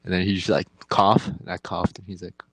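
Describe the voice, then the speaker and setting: A man's voice: deep voice, little pitch movement, fairly quick, creaky, breathy edge, dry recording. A young man telling a crude story in casual chat as a podcast co-host, rambling and profane, often laughing.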